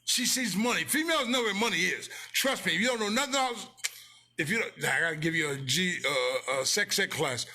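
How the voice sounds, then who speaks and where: A man's voice: high voice, animated, fairly quick, sharp tone. A man in a blunt, casual motivational rant, preachy and repeating his lines for emphasis, speaking close to the mic. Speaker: business owner promoting his company.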